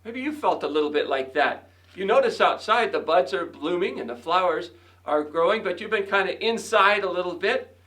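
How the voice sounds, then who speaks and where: A male educator hosting and reading a children's story aloud, chatting gently to the kids between pages. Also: high-pitched, animated, normal speed.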